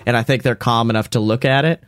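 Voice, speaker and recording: A man's voice: mid-range voice, steady tone, quick pace, clear, resonant tone, no echo, clean studio sound. Casual man running a tabletop game. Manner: casual, rambling, laughing. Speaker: game master.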